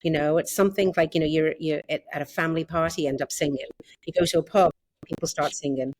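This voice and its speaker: Chatty low-voiced Liverpool woman. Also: steady tone, quick pace, a little mellow, no echo. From Liverpool, England. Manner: chatty, many fillers like "you know". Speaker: podcast guest, interior designer. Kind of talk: casual interview chat.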